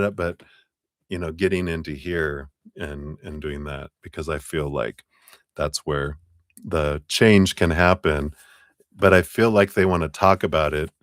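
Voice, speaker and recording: Deep-voiced man giving live tarot readings. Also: no room sound, clean studio sound. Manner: gentle, rambling, encouraging, with soft laughs. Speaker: tarot reader.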